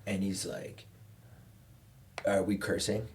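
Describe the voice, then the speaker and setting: A man's voice: sits low, takes it slowly. A man telling a story in casual podcast chat, acting out the people he quotes. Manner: animated storyteller who acts out quoted people. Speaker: podcast guest.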